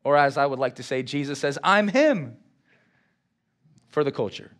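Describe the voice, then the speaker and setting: A man's voice: medium pitch, fast. A man preaching a sermon, reading scripture and drawing responses from the congregation. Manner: lively, engages congregation with call-and-response. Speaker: pastor.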